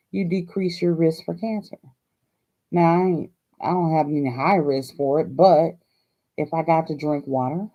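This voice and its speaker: A woman's voice: low-pitched, warm tone, lo-fi sound. An older woman from Hawaii hosting a crafting vlog, chatting in a folksy, chatty way and laughing often. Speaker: crafting channel host.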